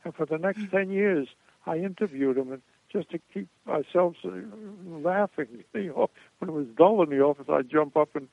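A man's voice: fairly high pitch, moderate pace, vocal fry, dry recording. An older man, a guest in an interview, telling stories in a rambling way and chuckling now and then. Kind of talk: anecdotal storytelling interview. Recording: tinny phone-like line, dry.

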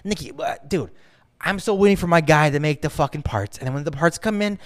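Man doing a high, breezy, pushy contractor type; slick and reassuring. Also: brisk, natural voice. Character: pushy, smooth-talking male contractor who keeps handing out cards.

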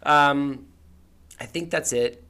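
A man's voice: fairly high pitch, takes it slowly, bright, forceful tone. A man running a tabletop game as its game master, narrating in a rambling way full of filler words. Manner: rambling, full of ums and likes.

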